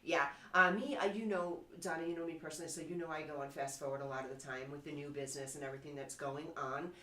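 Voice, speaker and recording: A talk-show host woman with a slight New York accent and a somewhat low voice, chatting in a bubbly, chatty manner. She laughs easily and keeps the conversation going. The room around her is echoey. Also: fairly even intonation, quick pace, sharp tone, a little hiss or hum. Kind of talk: casual studio talk show chat.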